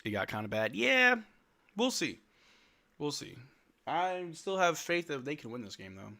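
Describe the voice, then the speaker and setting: Bright-voiced male stream commentator. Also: on the high side, a little slow, gravelly. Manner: reads chat questions aloud and answers them; loud excited outbursts at big plays. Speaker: livestream host doing play-by-play. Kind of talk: casual watch-along commentary.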